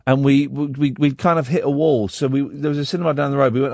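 A man's voice: medium pitch, fast, creaky, no room sound, studio quality. A man hosting a radio phone-in, chatting casually and jokingly with many fillers and restarts. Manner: animated, jokey, lots of fillers and restarts.

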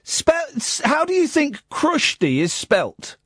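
A man's voice: very high-pitched, wildly swooping pitch, takes it slowly, fairly bright tone, no echo, studio quality. A man hosting a late-night radio phone-in, wry and teasing. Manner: wry, teasing, self-mocking. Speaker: radio host. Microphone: studio mic.

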